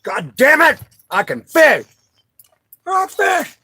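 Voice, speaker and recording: A man live streaming while fishing from a boat outdoors, excitable and joking, with frequent swearing. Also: extremely high pitch, slow, slight background noise. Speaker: livestreamer.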